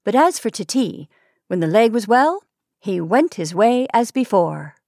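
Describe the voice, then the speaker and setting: A woman's voice: medium pitch, dry recording. Woman reading a story aloud, dry close sound. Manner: measured, expressive reading. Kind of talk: read-aloud story narration.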